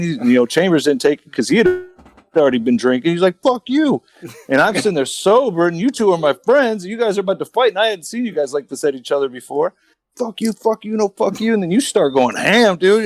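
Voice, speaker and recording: Male podcast co-host, higher-pitched, dry booth sound, rambling profane anecdotes. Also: no room sound. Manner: rambling, profane, animated storytelling. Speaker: podcast co-host, army veteran. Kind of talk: casual storytelling chat.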